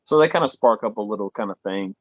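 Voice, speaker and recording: A man's voice: on the low side, lively intonation, fast, no echo. A man co-hosting a film review podcast, rambling through the plot with acted-out quotes and casual swearing. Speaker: podcast co-host. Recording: dull lo-fi dry podcast sound.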